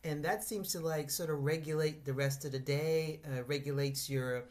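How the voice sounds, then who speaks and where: A woman with a low voice shares a personal testimony in a church gathering. She talks in a reflective, halting way, pausing on fillers and starting over as she finds her words. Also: steady tone, a little mellow. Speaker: congregation member sharing testimony.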